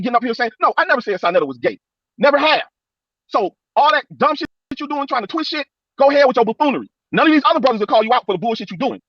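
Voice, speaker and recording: A man's voice: very high voice, no echo, lo-fi sound. A man on a livestream arguing bluntly and confrontationally, with a lot of profanity. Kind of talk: heated livestream argument.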